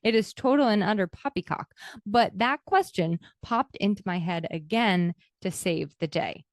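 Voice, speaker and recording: A woman's voice: mid-range voice, animated, normal speed, dry recording. Candid woman talking on a podcast, dry sound. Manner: candid, emotional, self-reflective. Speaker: podcast host. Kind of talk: reflective personal podcast talk.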